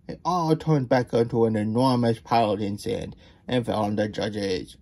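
A man's voice: fairly low pitch, steady tone, normal speed, darkish tone. A man reading a children's picture book aloud for nap time, stopping for chatty asides about himself in the third person. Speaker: children's story reader.

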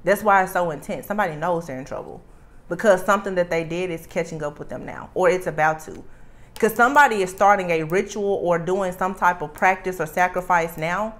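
A woman's voice: fairly low pitch, brisk, a bit bright. A woman with a Southern US accent delivers a tarot reading straight to her viewers. She talks emphatically, circles back to her warnings, and leans on repeated phrases. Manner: emphatic, repeats warnings, drawls "I'm telling you". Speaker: tarot reader. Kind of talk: channelled tarot reading to camera.

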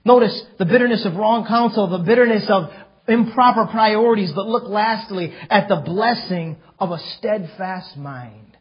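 A man preaches a sermon in a church, his high, husky voice rising into emphatic bursts. The recording is dull and lo-fi, like an old church tape. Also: moderate pace. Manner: emphatic preaching with sudden loud outbursts. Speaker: pastor.

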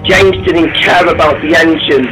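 A high-voiced man narrates a storybook tale, slow and earnest in an amateur style. Music plays clearly under his reading. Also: fairly even intonation, poor audio.

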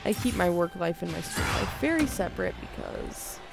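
A young adult woman with a fairly low, vocal-fried voice talks at a normal pace over loud music while streaming a game at home. She tells casual, animated stories about teaching theater, and her voice falls to a whisper when she imitates a child.

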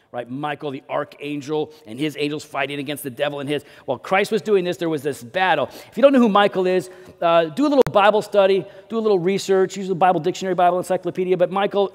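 Pastor guy preaching, pretty high voice, big swings loud to quiet, long echo in the church. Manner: dynamic preaching, swings between loud emphasis and low drops. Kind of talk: sermon. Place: church sanctuary.

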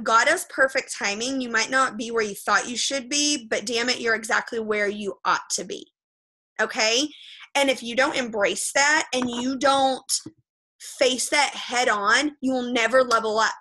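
Woman doing a fired-up pep talk on a video call, bright voice, keeps saying okay?, blunt. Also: fairly high pitch, normal speed, rough recording. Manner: emphatic and repetitive, checking in with "okay?"; frank, with mild swearing. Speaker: motivational speaker addressing a group.

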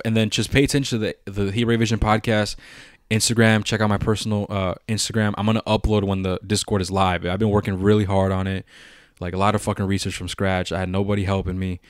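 A man's voice: fairly low pitch, fast, no echo, studio quality. A young man co-hosting a podcast, chatting casually, telling stories animatedly with frequent laughter and swearing. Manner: animated storyteller, laughs often, swears a lot. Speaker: podcast co-host. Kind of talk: casual chat.

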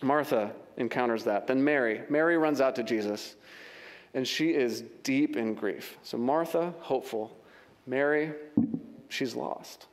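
A man's voice: mid-range voice, measured pace. A male pastor delivering a sermon with passion, stacking repeated phrases into building lists. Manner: impassioned, repeats phrases for emphasis.

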